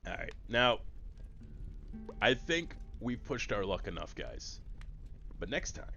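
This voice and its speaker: A man's voice: lowish voice, expressive, unhurried, vocal fry, pauses often, bright, forceful tone, lo-fi sound, soft background music. A man streaming a card game, chatting casually and explaining the rules to his chat over a headset mic. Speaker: gaming streamer. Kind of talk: casual let's-play commentary.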